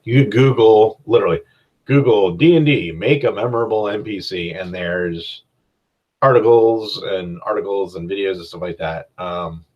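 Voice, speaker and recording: A man's voice: fairly low pitch, moderate pace, lo-fi sound. A man hosting a casual solo podcast as a game master, giving rambling, conversational advice and often restarting his sentences.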